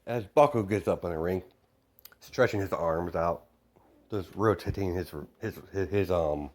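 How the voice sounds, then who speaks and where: Brief: young adult man, deep voice, off-the-cuff rambling story narration. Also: moderate pace, a little mellow. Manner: rambling, off-the-cuff, self-correcting. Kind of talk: improvised fan-fiction narration.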